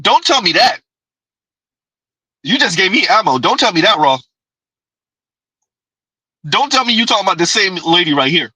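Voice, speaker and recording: A man's voice: sits high, sing-song, normal speed, long pauses, bright, forceful tone, husky, dry recording, low-quality recording. A man hosting a livestream with reaction commentary, talking in a mocking, sarcastic way. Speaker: streamer.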